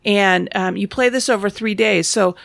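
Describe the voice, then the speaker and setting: A woman co-hosting a board game podcast, speaking with a gravelly edge in a casual, explanatory manner. Her voice sits close and dry on the mic with no room sound. She sounds self-deprecating and easygoing. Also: medium pitch, moderate pace, no echo. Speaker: podcast co-host.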